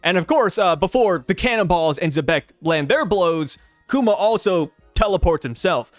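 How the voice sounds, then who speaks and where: A man with a high voice that swings widely up and down hosts a comic review in casual commentary. He jokes and thinks out loud as he talks. The recording is dry and close with faint music behind. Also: moderate pace, no echo. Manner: animated, jokey, thinks aloud. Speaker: manga review channel host.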